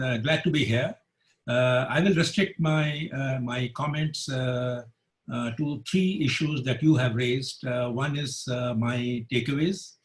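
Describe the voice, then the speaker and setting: A man's voice: medium pitch, poor audio. A man, a newspaper editor on a webinar panel, speaking hesitantly with frequent filler sounds. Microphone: video call.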